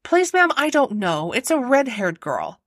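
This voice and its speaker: A woman's voice: a little high, big pitch swings, a little slow, dry recording, clean studio sound. A woman voicing a timid young housemaid who speaks in a rustic, deferential servant's way. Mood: earnest, uneasy.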